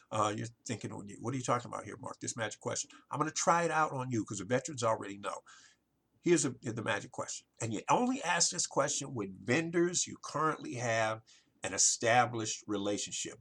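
A man hosting a solo business podcast, pitching marketing ideas in a salesy way and often addressing listeners as "ladies and gentlemen.". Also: breathy edge. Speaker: podcast host, marketing consultant.

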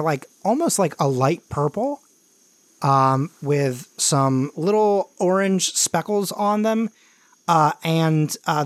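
Dry-sounding game master, loose talk. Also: male voice, fairly high pitch, no echo. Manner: loose, filler-heavy narration. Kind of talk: narrating a tabletop game.

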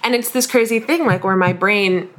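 A woman co-hosts a podcast in casual, candid chat. She speaks in a confessional, halting way, often stopping to restart a sentence. She grew up in the northern United States. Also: medium pitch, a bit bright. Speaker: podcast co-host.

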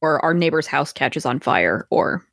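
Woman teasing the others on a call, a bit low voice, dry sound. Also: big pitch swings, unhurried, creaky, fairly bright tone, dry recording. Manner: playful, teasing. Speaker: cast member of an audio drama. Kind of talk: casual pre-show banter. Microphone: online video call.

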